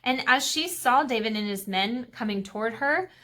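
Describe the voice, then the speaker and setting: A woman's voice: fairly high pitch, expressive, moderate pace, bright, forceful tone. A woman teaching a Sabbath school lesson to kids, retelling a Bible story in a chatty way with fillers and asides.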